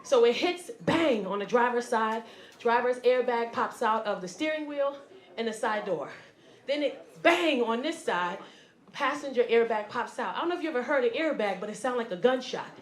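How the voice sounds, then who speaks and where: Animated high-voiced woman comedian on stage. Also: moderate pace, reverberant. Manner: animated, acts out voices and shouts. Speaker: stand-up comedian. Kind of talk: stand-up storytelling.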